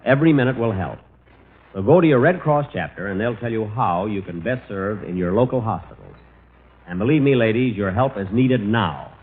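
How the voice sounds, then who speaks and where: A man's voice: fairly low pitch, expressive, moderate pace, a little hiss or hum. A male comedy host talking in an indignant, flustered way, in an old tinny 1940s radio broadcast. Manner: indignant, flustered, then earnest appeal.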